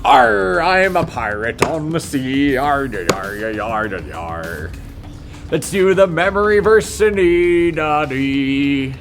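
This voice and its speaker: A man's voice: on the high side, steady tone, slow pace, few pauses, over music. A man putting on a goofy sing-song pirate voice for a children's comedy skit, growling out his arrs. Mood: playful.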